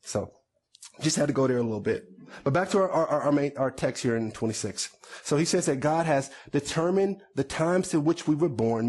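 Man in the pulpit, somewhat high voice, chatty sermon with side notes. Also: darkish tone. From United States. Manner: conversational preaching with repetitions and asides. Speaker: pastor.

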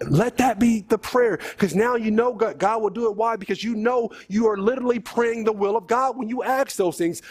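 A man's voice: sits high, breathy edge. A male preacher giving an earnest sermon, then leading a prayer, pleading with listeners and often calling out "saints" and "God".

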